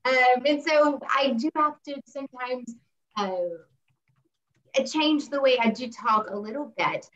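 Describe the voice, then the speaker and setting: An American woman with a fairly high voice speaks earnestly and candidly as a historian on a panel, often restarting her sentences. She is heard over a video call. The sound is roomy and a little dull. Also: takes it slowly, a bit bright. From United States. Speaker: historian and museum tour manager. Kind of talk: panel discussion.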